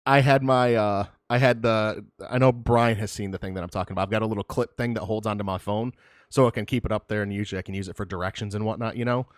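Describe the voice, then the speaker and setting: A man's voice: lowish voice, steady tone, quick pace, no room sound. Young man, podcast co-host, casual chat, rambling, self-deprecating, dry sound. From Michigan. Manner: rambling storyteller, self-deprecating, laughs often.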